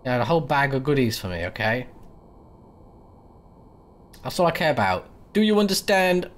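A man's voice: mid-range voice, sing-song, moderate pace, lightly acted. A man voicing an erratic, obsessive male drifter in a horror game, pleading one moment and snapping the next. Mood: unhinged. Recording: mains hum behind.

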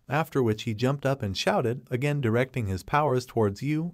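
A man reading out a scripted comic recap in a steady, mid-pitched voice. He tells the story evenly and unhurried, delivering the characters' lines in his plain narrating voice. The recording is dry and close, with no room around it. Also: no echo.

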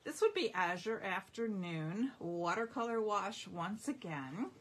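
A woman's voice: medium pitch, lively intonation, a little slow, fairly bright tone, slight background noise. A middle-aged woman hosting a casual live craft showcase, gushing enthusiastically over her products. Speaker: craft demonstrator.

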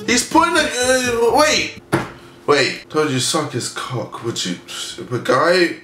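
A young man hosting a jokey vlog Q&A, loud and goofy with sudden shouts. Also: fairly high pitch, huge pitch swings, slow pace, roomy sound, faint music behind. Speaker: vlogger host. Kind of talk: comedic vlog Q&A.

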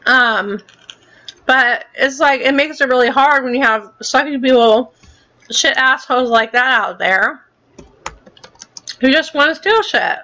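Heated, bright-voiced woman ranting. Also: high-pitched, a little slow, long pauses. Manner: heated, swearing, repeats herself. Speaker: gaming channel host. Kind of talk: angry ranting vlog.

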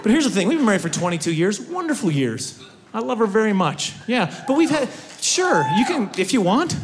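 A middle-aged man performs stand-up comedy on stage with a playful, animated delivery. His voice sits high and swings widely in pitch. Audience noise runs beneath him. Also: brisk, crowd noise. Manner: animated, playful, breaks into laughter.

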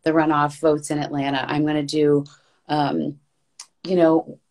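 A woman's voice: low-pitched, level tone, a little slow, darkish tone. A woman talking as an interview guest about her voice-acting work, chatty and earnest, in long flowing runs. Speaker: guest voice actress. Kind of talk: casual interview.

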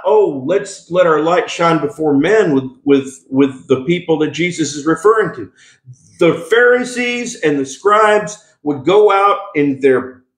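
Pastor guy preaching, kinda high voice, lots of restarts and "hello somebody" asides, echoey room. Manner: emphatic, call-and-response asides, frequent restarts. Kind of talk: sermon.

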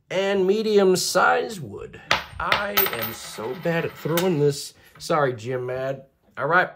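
A host doing deadpan, absurd jokes while flipping a coin for picks in a comedy vlog. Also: mid-range voice, a little slow. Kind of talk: comedic coin-flip bracket picking vlog.

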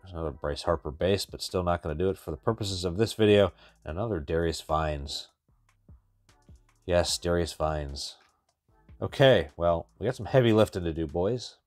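A deep-voiced man talks his way through opening packs of cards in a loose, wry running commentary, half to himself and half to his viewers. Faint music sits underneath his voice. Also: moderate pace, no room sound. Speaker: card-breaking channel host. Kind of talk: casual pack-opening commentary.

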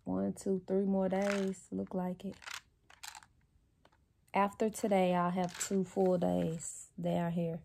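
A woman's voice: fairly low pitch, monotone, slow, gravelly, dark tone, a little hiss or hum. A woman vlogger chatting casually to her viewers, blunt and chatty, swearing freely and often laughing. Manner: laughs often while talking. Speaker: lifestyle vlogger. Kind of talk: casual chat to camera.

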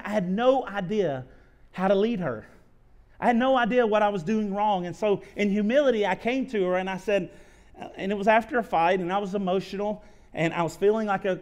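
A man in his thirties preaching a sermon as a pastor, speaking earnestly and confessionally, often restarting and repeating his words. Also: high voice. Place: church sanctuary.

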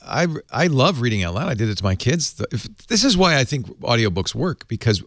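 A man hosting a casual tech talk show, animated and quick, laughing often, in a studio. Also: medium pitch, no echo. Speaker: podcast host. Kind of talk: casual chat. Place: radio studio.

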